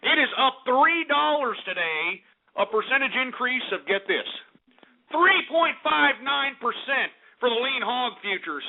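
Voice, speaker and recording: A man's voice: very high-pitched, sing-song, unhurried, gravelly. A man hosting a talk radio show, ranting in a profane, blustering way and often asking if listeners understand. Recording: tinny phone-like radio audio.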